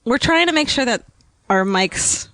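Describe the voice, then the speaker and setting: A woman's voice: on the high side, lively intonation, a little slow, a bit bright, dry recording. A young adult woman co-hosting a podcast, casual and chatty, laughing often and swearing freely into a handheld mic. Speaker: podcast co-host. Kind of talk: casual chat.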